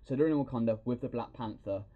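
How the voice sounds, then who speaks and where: A man hosting a podcast, excitedly retelling a film scene by scene with plenty of swearing. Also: mid-range voice, quick pace, phone-quality sound. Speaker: podcast host. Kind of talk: casual film review chat.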